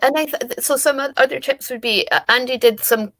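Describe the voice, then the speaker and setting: A woman's voice: sits high, fairly quick, fairly bright tone. A woman co-hosting a casual panel discussion on tabletop games, reading out listener questions and thinking aloud. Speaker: podcast co-host.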